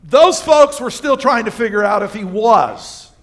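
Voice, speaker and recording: Man preaching, high voice, animated, scripture reading, playful asides to congregation. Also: unhurried. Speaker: pastor. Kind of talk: sermon. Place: church livestream.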